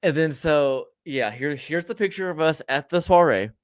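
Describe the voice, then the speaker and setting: A man's voice: on the high side, expressive, moderate pace, smooth. A male podcast host tells a story in loose, casual chat. He swears freely and rambles, often restarting his sentences mid-thought. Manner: profane, rambling, frequent restarts.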